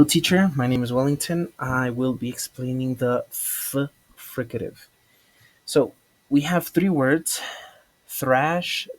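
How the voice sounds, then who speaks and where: Slow, casual man explaining pronunciation. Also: mid-range voice. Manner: casual, conversational, contrasting wrong and right forms. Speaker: student presenter.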